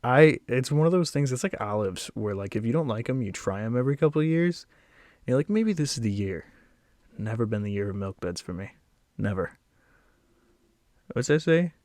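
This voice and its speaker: A man's voice: fairly low pitch, lively intonation, fairly quick, darkish tone, no echo. Laid-back young man with a dry close sound. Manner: rambling and self-deprecating, with blunt verdicts. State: slightly out of breath. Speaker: snack reviewer. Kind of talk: casual solo video commentary.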